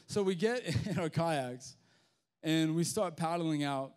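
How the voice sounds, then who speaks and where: A young man with an Australian accent preaching to a youth group in a casual, animated storytelling manner with slang. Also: on the high side, normal speed, clean tone. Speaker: youth pastor. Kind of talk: sermon with storytelling.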